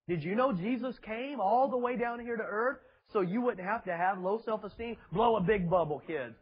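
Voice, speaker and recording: A man's voice: sits high, moderate pace, few pauses, breathy edge, lo-fi sound. A male preacher, preaching a sermon in a mocking, sarcastic way with emphatic repetition, in a church with children present.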